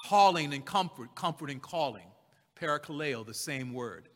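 A man preaching a sermon, repeating key phrases with slow emphasis and drawing out scripture readings. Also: fairly high pitch, animated, a bit bright. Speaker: pastor. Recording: long hall reverb.

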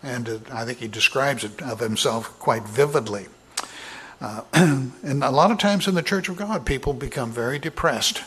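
A man preaching a sermon in a halting way, with many filler words and frequent throat clearing. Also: medium pitch, a bit bright. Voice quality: husky, clears throat often.

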